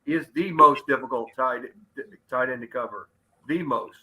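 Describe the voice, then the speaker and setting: A man in casual sports chat, agreeable, halting and repeating himself as he talks. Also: mid-range voice, a crowd in the background, low-quality recording. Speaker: co-host.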